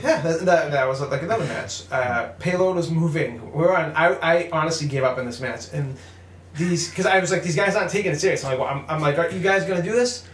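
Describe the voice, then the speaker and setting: A man's voice: on the high side, quick pace, echoey room, a little hiss or hum. A young man in casual gaming chat who tells stories animatedly, acts out what people said, laughs often and swears freely. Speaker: podcast co-host.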